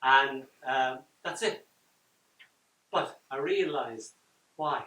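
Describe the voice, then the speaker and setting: An older man reading his poems at a launch, dramatic, swinging from loud lines down to near-whispers. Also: medium pitch, drawn-out words. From Ireland. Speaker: poet. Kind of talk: live poetry reading with chat. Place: event room at a book launch. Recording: roomy echo from far off.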